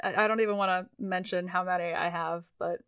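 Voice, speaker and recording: A woman's voice: fairly low pitch, fairly even intonation, fairly quick, a bit bright, clean tone, no echo. A young woman co-hosting a podcast in casual chat, self-deprecating and prone to restarting her sentences. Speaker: podcast co-host.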